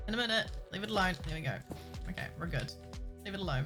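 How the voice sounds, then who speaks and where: A woman's voice: lowish voice, expressive, fast talker, pushed and bright, soft background music. A woman, chatting casually with her stream audience while building, giggling and talking to herself. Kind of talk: casual chat while building a game map.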